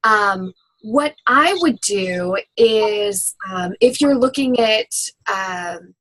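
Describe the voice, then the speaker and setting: A woman's voice: mid-range voice, expressive, very slow, a bit bright, poor audio. A woman who works as a voiceover actor and demo producer, giving friendly, rambling advice with many fillers on a webinar.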